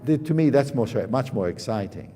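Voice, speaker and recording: In a master class, a male piano teacher coaches a student, speaking emphatically and singing phrases on "pa" and "da." His medium-pitched voice is animated at a moderate pace, and the hall's long reverb carries loud piano playing behind him.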